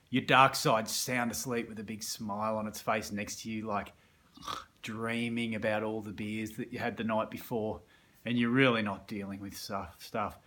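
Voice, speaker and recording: A man's voice: on the low side, a bit bright. An Australian man coaching on self-improvement through colloquial, vivid storytelling, acting out scenes as he goes. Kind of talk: motivational storytelling.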